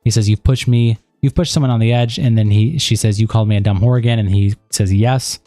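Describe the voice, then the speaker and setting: Male streamer, dark mellow voice, dry close sound, reads logs aloud and drifts into loose asides over faint music. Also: lowish voice, fairly quick, dry recording. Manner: steady reading with rambling casual asides and fillers. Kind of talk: reading chat logs aloud on a live stream.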